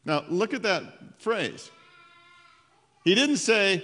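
A man preaching a sermon as pastor. He retells the story conversationally, with lively asides to the congregation. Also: high voice, slow, pauses often. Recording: long hall reverb.

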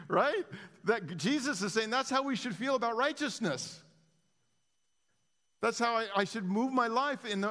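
A man preaching an impassioned sermon as pastor, dropping to a hush and then rising again, often restarting his phrases. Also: on the high side, long reverb tail. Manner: impassioned, swinging between hushed and raised, frequent restarts.

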